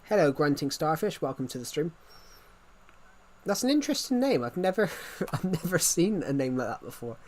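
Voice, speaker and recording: A man's voice: a little high, very animated, normal speed. A young British man in his twenties chatting casually on a live stream, rambling and repeating himself as he answers viewers. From Britain. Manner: rambling, repeats and restarts phrases.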